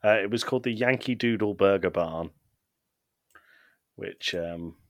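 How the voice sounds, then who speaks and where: Lower-voiced male co-host, short laid-back interjections, dry sound. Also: a little slow, no room sound. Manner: brief reactions, laughs often. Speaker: podcast co-host. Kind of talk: casual chat.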